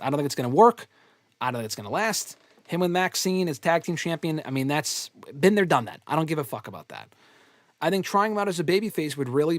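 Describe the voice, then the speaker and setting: Male host, slightly high voice, blunt and loose, swears casually, dry close mic. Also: no room sound. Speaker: host answering fan questions. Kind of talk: casual live Q&A chat.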